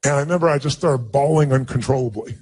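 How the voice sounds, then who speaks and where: A man's voice: medium pitch, fast, a little mellow, breathy edge. A man giving a motivational speech, telling a personal story to an audience and acting out dialogue with emphasis. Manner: emphatic, acts out dialogue in a raised voice. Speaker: motivational speaker.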